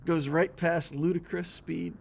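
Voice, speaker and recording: A gaming streamer with a voice on the high side, little pitch movement, an unhurried pace and a gravelly texture chats casually while playing a video game. He tells jokes and laughs along the way.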